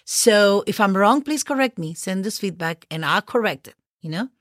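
A woman's voice: mid-range voice, expressive, moderate pace, fairly bright tone, dry recording, clean studio sound. A woman with a Spanish accent, a native Spanish speaker, teaching a casual language lesson, spelling out words and encouraging her listeners. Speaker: Spanish teacher, podcast host.

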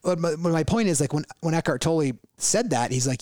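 A man's voice: fairly high pitch, lively intonation, fairly quick, few pauses, darkish tone, dry recording, studio quality. A man co-hosting a casual talk, explaining ideas earnestly with everyday examples and frequent restarts. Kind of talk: casual conversational chat.

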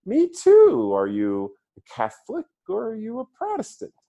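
A man imitating a comedian's persona, a squeaky, falsely innocent man with a high falsetto voice. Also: wildly swooping pitch, moderate pace, vocal fry, warm tone, dull audio, exaggerated voice. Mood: chirpy.

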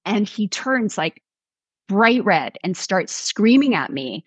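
A middle-aged woman, a guest author, telling a personal story in a conversational, animated way, acting out what people said. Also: mid-range voice, slow, husky, dry recording. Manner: animated, acts out quotes.

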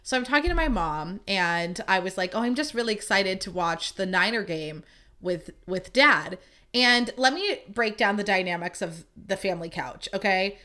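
A young woman hosting a podcast, telling a long casual story in a chatty, lively way full of "like" and the odd swear word. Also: mid-range voice, moderate pace. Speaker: podcast host.

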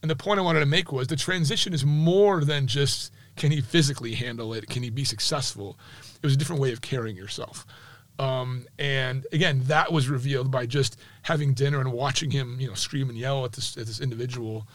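A man, a sports journalist, telling anecdotes in a podcast interview in a lively, chatty way, with many asides like "right?". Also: medium pitch, brisk, dry recording. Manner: animated, chatty, full of "like" and "right?".

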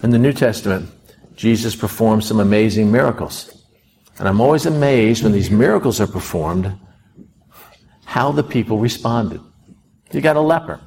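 A man's voice: lowish voice, expressive, normal speed, gravelly, pauses often, darkish tone, breathy edge. A man preaching a sermon, retelling a scripture story with emphasis and rhetorical questions. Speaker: pastor.

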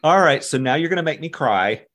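Co-host, mid pitch, measured, reflective. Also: expressive, a bit bright. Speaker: podcast co-host. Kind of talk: casual interview chat.

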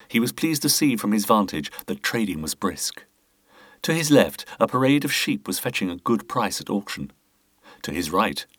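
A man narrating a detective story with expressive, scripted storytelling. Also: fairly low pitch, husky, no room sound, clean studio sound.

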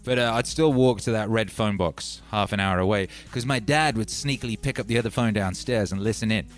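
A man's voice: on the low side, fairly quick. A man from Wales, chatting casually as a livestream host in a loose, meandering way full of "you know" and "like.". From North Wales. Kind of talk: rambling casual livestream chat. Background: music.

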